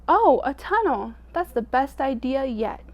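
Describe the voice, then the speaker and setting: A woman voicing an excitable male wolf in a storybook reading, exclaiming loudly. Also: sits high, measured pace, dull audio. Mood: excited. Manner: exclaiming, loud.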